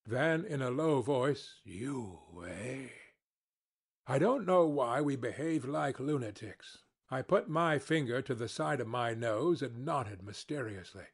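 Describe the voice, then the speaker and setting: A man narrating an audiobook in a measured, deliberate storytelling manner. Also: medium pitch, breathy edge.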